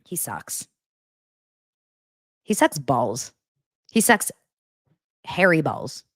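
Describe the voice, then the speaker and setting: A woman's voice: sits low, very animated, very slow, a bit bright, dry recording, clean studio sound. A woman hosting a pop-culture commentary show, ranting in a blunt, sarcastic, exasperated way. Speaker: host.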